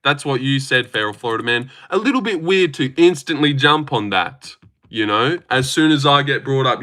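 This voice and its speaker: A man's voice: medium pitch, expressive, moderate pace, sharp tone. A young man rambling casually on a live stream, reading chat aloud and teasing viewers. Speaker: livestreamer.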